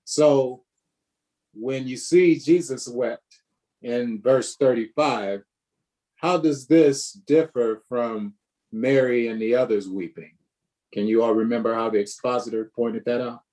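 A man leads a Bible study group, teaching and preaching in a preacherly manner, repeating himself and asking the group questions. His voice is medium in pitch and mellow, and he takes it slowly.

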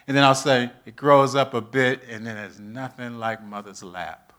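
A man preaching a sermon, with funny asides that drop to a soft voice and swing back to loud, lively preaching. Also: mid-range voice, moderate pace. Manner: animated, humorous preaching with sudden soft asides. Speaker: pastor.

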